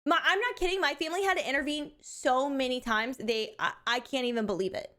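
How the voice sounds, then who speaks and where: This woman streamer talks briskly and off the cuff with her chat, her slightly high voice full of energy. She's frank and lively, breaking into frequent laughter and cursing freely.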